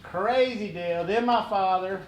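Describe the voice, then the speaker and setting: A middle-aged man spins funny stories at an event, his voice pitched high and lively with laughter. He acts out each person in the tale with animated flair. The recording carries a roomy hall echo and a clear wash of room noise. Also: unhurried. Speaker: guest speaker. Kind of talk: comic storytelling on stage.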